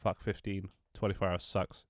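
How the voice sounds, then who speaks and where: A man's voice: deep voice, little pitch movement, moderate pace, dry recording, studio quality. Stuffy-nosed man streaming. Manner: rambling, self-mocking, swears casually. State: stuffy, congested nose. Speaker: game developer streaming live. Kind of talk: casual live-stream chat.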